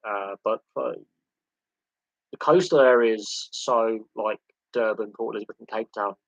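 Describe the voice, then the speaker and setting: A man's voice: on the low side, steady tone, unhurried, gravelly, dry recording, dull audio. A man hosting a casual live sports hangout, rambling with many fillers and restarts. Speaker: livestream host.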